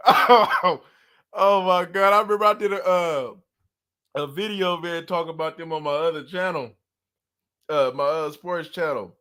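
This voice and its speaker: Man, high pitch, slangy loose sports-fan banter full of laughs. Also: takes it slowly, pauses often. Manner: animated, laughing, swearing, slangy. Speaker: sports YouTuber. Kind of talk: casual sports chat.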